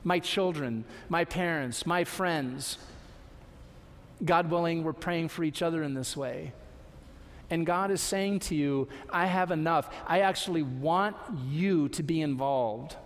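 A man preaching a sermon as a pastor, conversational, with lively asides and acted quotes. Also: a little high, a little slow, in a large hall. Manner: conversational, warm asides, playful voices for quotes.

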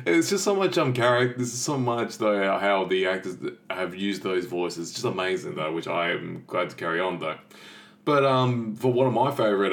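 Low-voiced, rambling male podcast host. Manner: enthusiastic, rambling, many fillers. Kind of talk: casual podcast chat.

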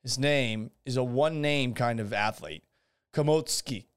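A man's voice: mid-range voice, measured pace, clear, resonant tone. A man hosting a live-streamed podcast, talking in a rambling, sarcastic and profane way. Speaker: podcast host. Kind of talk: casual live-stream commentary.

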